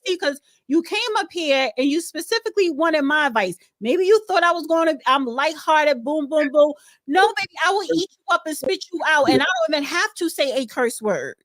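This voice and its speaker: Woman host giving blunt advice, high voice, dry close sound. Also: lively intonation, brisk, hardly any pauses, fairly bright tone, no room sound. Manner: blunt, combative, lecturing. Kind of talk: casual talk show chat.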